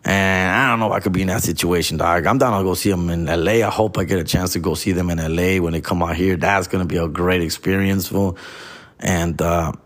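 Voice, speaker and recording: Los comedian, lower voice, heated slangy rant with Spanish mixed in. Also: male voice, steady tone, a little fast. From Los Angeles. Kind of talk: profane casual rant.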